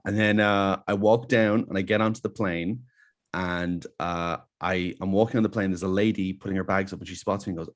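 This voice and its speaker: A young Irish man, a comedian guest, telling animated anecdotes in a casual podcast chat. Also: fairly low pitch, a little fast. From Ireland.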